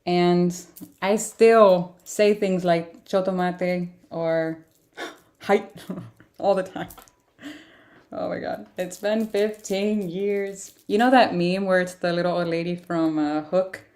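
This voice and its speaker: A woman's voice: on the low side, darkish tone. A tired woman giving a casual livestream tarot reading, chatting in a rambling way and laughing often. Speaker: tarot reader.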